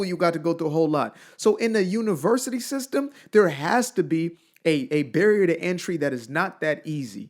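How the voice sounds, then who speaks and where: Animated man ranting to camera. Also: fairly high pitch, quick pace, hardly any pauses. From outside the United States. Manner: animated, emphatic, rhetorical questions, colloquial. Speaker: commentator. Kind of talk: solo opinion rant to camera.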